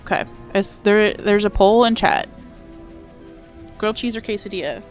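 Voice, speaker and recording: A woman's voice: mid-range voice, normal speed, soft background music. A young woman streaming a game, chatting playfully with her viewers and reading their messages. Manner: chatty and playful, reads and answers chat. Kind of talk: casual live-stream chat while gaming.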